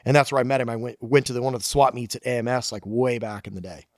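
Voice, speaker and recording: A man's voice: mid-range voice, rapid-fire, no echo, clean studio sound. A man talking as a podcast guest, a loose storyteller who swears casually. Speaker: guest engineer and shop founder.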